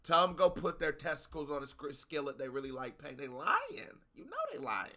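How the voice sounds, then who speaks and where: A man hosting a music reaction video, talking casually and bluntly with plenty of profanity, often jumping up into high-pitched exclamations. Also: sing-song, a little fast, pushed and bright.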